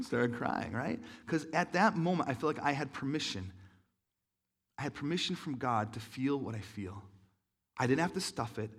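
A man's voice: mid-range voice, lively intonation, moderate pace, slightly rough. A man in his thirties telling a personal story in an earnest, emotional sermon, with many restarts and fillers.

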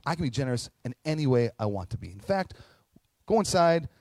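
A man's voice: mid-range voice, sing-song, fairly quick, a little mellow, no room sound. A man voicing a wealthy male vineyard owner who talks in an easy, offhand way. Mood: breezy.

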